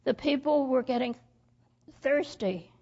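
A woman reading a story aloud to children in church, halting and stumbling over words as she goes. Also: sits high, noisy background. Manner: slow, halting reading with slips and restarts. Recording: dull lo-fi recording.

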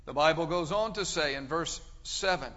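A man preaching a sermon, emphatic, pushing his voice up loud and dropping it low. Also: moderate pace. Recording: dull sound with long hall reverb.

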